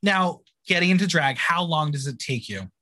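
Low-voiced woman asking brief questions. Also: animated, moderate pace, fairly bright tone. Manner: brief encouraging backchannels and questions. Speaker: interviewer. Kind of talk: casual interview chat.

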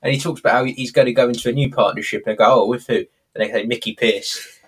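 A man's voice: medium pitch, fairly even intonation, fast talker, husky. A man chatting casually as podcast co-host, retelling a sitcom episode and acting out the characters' lines.

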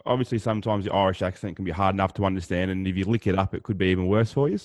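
Low-voiced man, dry close sound. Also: racing, no room sound. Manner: relaxed, blokey banter. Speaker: podcast co-host. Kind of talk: casual podcast chat.

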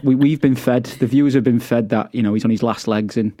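A man's voice: mid-range voice, fairly even intonation, fast, dark tone, no room sound, clean studio sound. A man co-hosting a casual podcast, chatty and stumbling over his words as he goes. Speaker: podcast co-host. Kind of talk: casual comedic chat.

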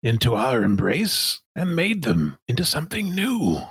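A man voicing a creepy male cult minister who has merged his mind with a sun, speaking in a slow, drawn-out, seductive and menacing way during a tabletop game. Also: medium pitch, wildly swooping pitch, fairly bright tone, husky, no room sound, voice pushed up, full character voice. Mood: cold.

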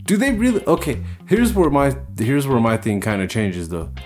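A man's voice: medium pitch, wildly swooping pitch, normal speed, a little mellow. Man, podcast co-host, loose and rambling, heavy on "like" and swearing, faint guitar music underneath. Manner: rambling, profane, many filler likes. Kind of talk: casual chat.

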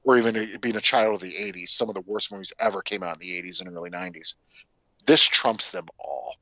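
A man's voice: lowish voice, lively intonation, fast, creaky, sharp tone, dry recording, muffled recording. A man in his forties, a podcast co-host, ranting profanely and with exasperation about a film in casual chat.

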